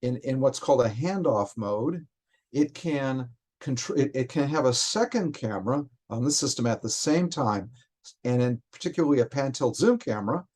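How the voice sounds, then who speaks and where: A man, a software developer, explains technical details in conversation, often stopping and restarting his phrases. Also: medium pitch, animated. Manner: halting, frequent restarts while explaining.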